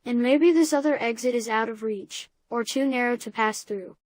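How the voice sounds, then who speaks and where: A woman's voice: a little high, moderate pace, no echo, close to an everyday voice. A woman reading the part of a skeptical girl who reasons through doubts. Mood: doubtful. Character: skeptical, thoughtful girl Emmy.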